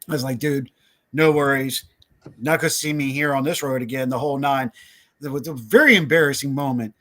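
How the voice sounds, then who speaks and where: A man's voice: medium pitch, a little fast. A man telling a story on a podcast, casually and with animation, acting out what others said and laughing often. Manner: animated, acts out quoted voices, laughs often. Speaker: podcast guest.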